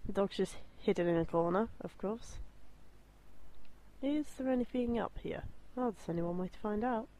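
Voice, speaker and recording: A woman's voice: mid-range voice, normal speed, mellow. Young female let's-play host, casual and wry commentary. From Scottish heritage. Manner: chatty, wry, sarcastic asides.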